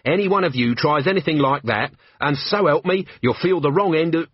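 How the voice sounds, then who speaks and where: A man's voice: mid-range voice, lively intonation, normal speed, husky, no room sound, highs cut off. A man voicing a fierce man disguised as a woman, who growls threats. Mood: menacing. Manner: growling, menacing.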